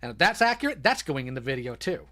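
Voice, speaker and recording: A man's voice: medium pitch, big pitch swings, fast talker, bright, forceful tone. A man hosting a live stream, ranting scornfully at a video clip over voice chat. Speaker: streamer host. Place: home, voice chat.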